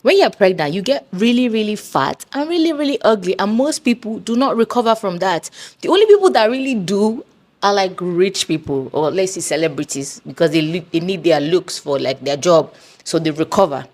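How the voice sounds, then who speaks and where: A woman talks to camera and lists her reasons bluntly and emphatically. Her pitch rises and falls widely as she stresses her points. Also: expressive, fairly quick, darkish tone. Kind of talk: casual talking-to-camera list.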